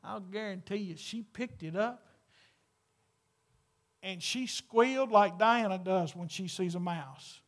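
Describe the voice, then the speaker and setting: A male pastor, preaching a sermon to a church congregation in a fervent, emphatic way that builds to loud exclamations. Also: high voice, takes it slowly, long pauses.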